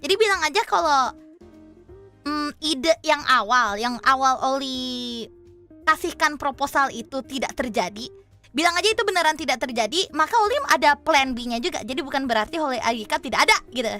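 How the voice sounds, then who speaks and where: Bright high-voiced woman streamer, lively chatter, soft music underneath. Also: fast. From Indonesia. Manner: animated, switches between Indonesian and English, laughs often. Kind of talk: casual livestream chat. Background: soft background music.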